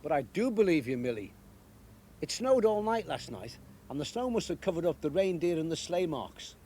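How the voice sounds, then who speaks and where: A man reading as a gentle, calm dad. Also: on the high side, normal speed, a little hiss or hum. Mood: reassuring. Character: kind reassuring father.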